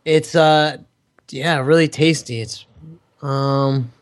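A man's voice: fairly high pitch, fairly even intonation, takes it slowly, smooth. A man co-hosting a casual podcast, teasing his partner and drawling through his answers. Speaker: podcast co-host.

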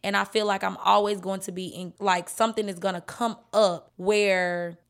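A woman's voice: mid-range voice, little pitch movement, moderate pace. Woman co-host, emphatic and repetitive in casual faith chat. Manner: emphatic, repeats points. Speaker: podcast co-host.

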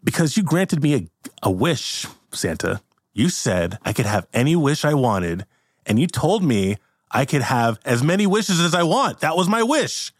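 A man's voice: on the high side, big pitch swings, normal speed, slightly rough, dry recording, clean studio sound, pitched above the performer's own voice. A man playing a smug, gloating billionaire villain in an improvised comedy scene. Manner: gloating, mocking. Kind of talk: improvised comedy role-play.

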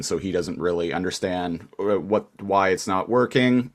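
Male podcast co-host, deep voice, loose chatty recap full of restarts. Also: normal speed. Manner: rambling with many fillers and restarts. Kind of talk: casual chat recapping a cartoon episode.

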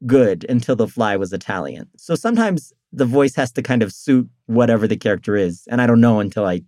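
Rambling man with a lively voice. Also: mid-range voice, brisk, no echo, clean studio sound. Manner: rambling, laughs often. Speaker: comedian guest. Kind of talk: casual interview chat.

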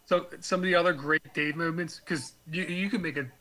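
A man's voice: on the high side, steady tone, fairly quick, bright, forceful tone, low-quality recording. A man co-hosting a casual podcast chat, laid-back and reminiscing. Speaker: podcast co-host.

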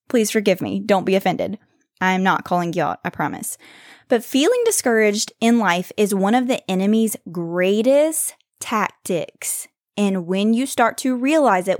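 A woman hosting a faith podcast, speaking earnestly and reassuringly, slowing down to stress scripture. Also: mid-range voice, no room sound, clean studio sound. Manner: earnest, reassuring, reads scripture slowly with emphasis. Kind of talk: devotional encouragement talk.

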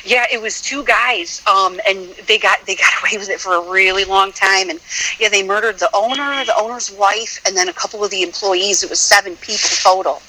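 A woman from Illinois calls in and tells her story in a loose, rambling way, looping back as she goes. Her voice is bright and keen, and a faint hiss of noise sits behind it. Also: medium pitch, brisk, rough recording. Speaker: caller. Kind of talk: casual phone-in chat.

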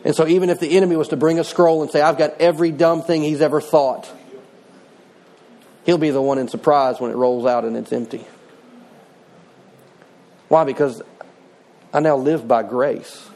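A man's voice: mid-range voice, moderate pace, long pauses, a little mellow. A middle-aged male pastor preaching a sermon in a conversational way, mixing scripture with personal stories.

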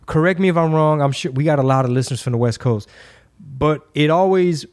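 A man from Texas telling stories in a casual talk show, lively and swearing freely. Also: fairly high pitch, brisk. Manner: animated, swears freely, acts out quotes. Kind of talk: casual storytelling.

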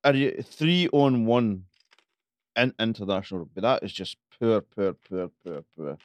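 A man's voice: on the low side, measured pace, no echo. A man co-hosting a sports watch-along podcast, blunt and sweary in his running commentary. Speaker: podcast co-host.

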